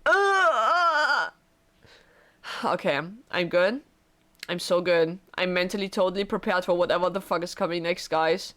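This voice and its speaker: A woman's voice: on the low side, fairly even intonation, fairly quick. A woman streaming a blind visual novel playthrough, emotional and tearful, swearing often as she talks to her viewers.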